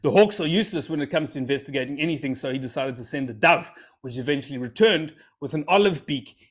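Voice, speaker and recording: A man's voice: on the high side, lively intonation, quick pace. A man, telling a scripture story as a comedy routine with self-amused, rambling asides. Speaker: comic storyteller.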